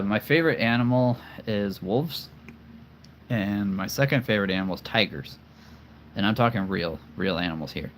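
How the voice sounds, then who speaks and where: A man with a lowish voice chats unhurriedly on a casual livestream, full of enthusiasm and given to saying things twice. A faint hiss of noise sits under the recording. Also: poor audio. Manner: enthusiastic, repeats phrases, chuckles often. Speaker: host showing his toy figure collection.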